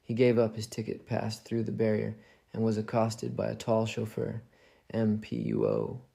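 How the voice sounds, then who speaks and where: A man reading a classic detective story aloud in a calm, soft storybook narration. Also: on the low side, normal speed, vocal fry, slightly rough.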